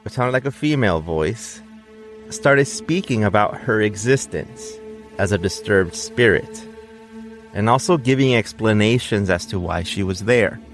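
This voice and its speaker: A man's voice: lowish voice, lively intonation, unhurried, soft background music. A man co-hosting a podcast, casually retelling a ghost legend and peppering it with "right?" asides. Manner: tells the story with frequent "right?" and "like" asides. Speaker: podcast co-host telling the story. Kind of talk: casual storytelling chat.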